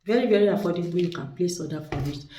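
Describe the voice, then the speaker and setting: A woman's voice: fairly low pitch, very fast, mellow. A woman showing off spiritual products in a chatty, persuasive way, repeating words for emphasis. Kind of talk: casual product showcase. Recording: echoey room, distant mic.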